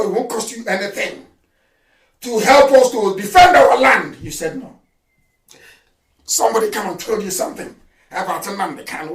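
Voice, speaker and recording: A man with a Nigerian accent gives an impassioned live address to his followers. He is fiery and scornful, shouts often and slips into Igbo phrases. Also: sits high. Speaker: political activist leader addressing followers. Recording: echoey room, speaker far from the mic.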